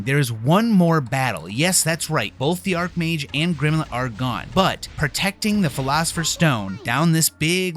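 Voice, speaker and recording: A man's voice: medium pitch, fairly bright tone, slight background noise. A man hosting a retro game channel, recapping a game's story in a casual, offhand voice-over with the odd swear word. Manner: chatty, offhand, occasional swearing.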